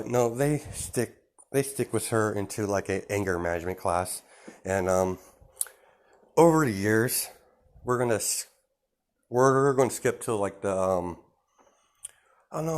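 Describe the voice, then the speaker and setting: Guy making up a fan story as he goes, low voice, lots of ums and restarts. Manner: rambling, full of fillers and self-corrections. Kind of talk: improvised fan story narration.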